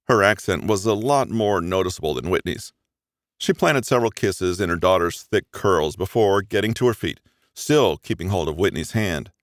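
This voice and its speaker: A man narrating a first-person romance audiobook in an expressive, even storytelling manner. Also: sits low, normal speed, dry recording, clean studio sound.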